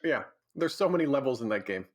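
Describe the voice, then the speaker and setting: A man's voice: medium pitch, animated, fast talker. A young man co-hosting a casual gaming podcast, trading sarcastic, teasing banter. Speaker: podcast co-host. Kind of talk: casual chat.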